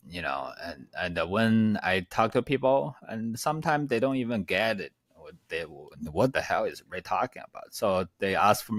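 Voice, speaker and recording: A man with a Chinese accent, an upbeat interview guest who laughs often and pauses with fillers. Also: lowish voice, a bit bright, no echo, clean studio sound. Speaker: guest, land investor. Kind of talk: casual interview chat. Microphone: plugged-in setup.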